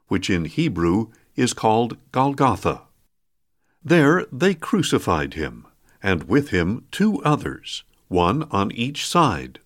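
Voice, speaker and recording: A man reading scripture aloud in a measured, solemn way, as the regular reader of a daily podcast. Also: medium pitch.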